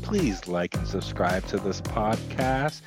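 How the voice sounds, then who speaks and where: A man co-hosting a casual movie podcast, relaxed and matter-of-fact. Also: lowish voice, slow, over music. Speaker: podcast co-host.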